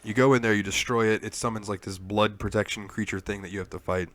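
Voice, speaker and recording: A man's voice: fairly low pitch, fairly even intonation, quick pace, fairly bright tone. A man co-hosting a gaming podcast, telling a long story in casual chat and swearing freely. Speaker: podcast co-host.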